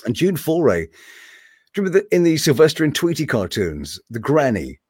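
A man's voice: a little high, fairly quick, breathy edge, no echo, studio quality. A man who works as a voice actor, talking casually in an interview in a room hung with animation art. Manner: animated, slips between impressions.

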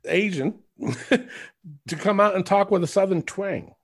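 High creaky-voiced man rambling casually. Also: measured pace. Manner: rambling, swears freely, laughs often. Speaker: podcast co-host. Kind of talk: casual chat.

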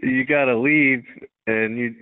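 A man hosting a podcast, asking relaxed questions with some fillers. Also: medium pitch, measured pace. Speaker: podcast host. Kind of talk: casual interview. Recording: tinny phone-like sound.

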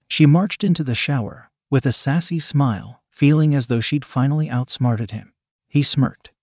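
A man's voice: medium pitch, normal speed, a little mellow, no room sound, clean studio sound. Man narrating an adult story.

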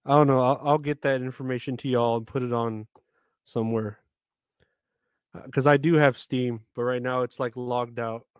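A man's voice: mid-range voice, steady tone, moderate pace, clear, resonant tone, dry recording, studio quality. A man chatting casually on a live stream, rambling, swearing often and reading out names from the chat.

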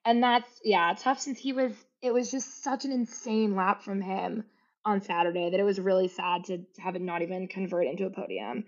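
A young woman co-hosting a casual sports podcast, chatty and quick to laugh. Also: mid-range voice. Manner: chatty, laughs often, fillers. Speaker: podcast co-host. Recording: slightly dull lo-fi audio.

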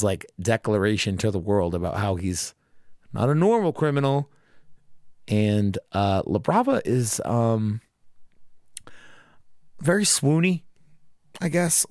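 Casual podcast chat from a host in his thirties who swears freely while rambling and joking with his friends. The lowish voice comes through clean studio audio without any room sound.

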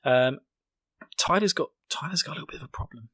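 A man's voice: mid-range voice, lively intonation, fast talker, a bit bright, breathy edge, dry recording. A young British man hosting a podcast, recapping an episode in a jokey, sarcastic, rambling way. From Britain. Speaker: podcast host.

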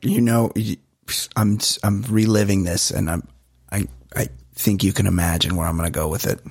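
A man co-hosting a podcast in casual chat, ranting in an animated way and swearing often. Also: sits low, normal speed, slightly rough, no room sound, studio quality. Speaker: podcast co-host.

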